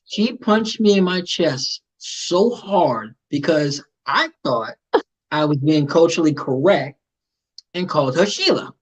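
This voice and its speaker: A man's voice: on the high side, expressive, unhurried, husky, rough recording. A man hosting a casual interview show, playful and joking, often repeating his words. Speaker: host.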